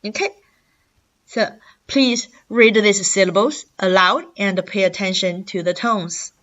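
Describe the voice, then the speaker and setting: A woman teaching a language lesson, speaking slowly and carefully and sounding out syllables for learners to repeat. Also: mid-range voice, a bit bright, highs cut off. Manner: slow, careful delivery, demonstrating syllables aloud for repetition.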